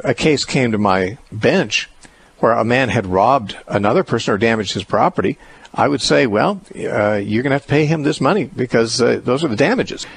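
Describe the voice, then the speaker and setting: Husky-voiced male radio host. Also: medium pitch. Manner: measured, reasoning aloud with restarts. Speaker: radio host answering callers. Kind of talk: call-in radio Bible teaching.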